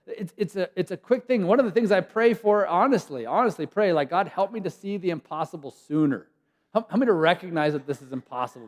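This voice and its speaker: A man delivers a sermon with animated delivery, slipping into acted voices and sudden whispers. His voice sits a little high for a man. The sound rings with a long reverb, as in a church sanctuary. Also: quick pace. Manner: animated, acts out voices of God and people, drops to whispers. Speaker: guest preacher.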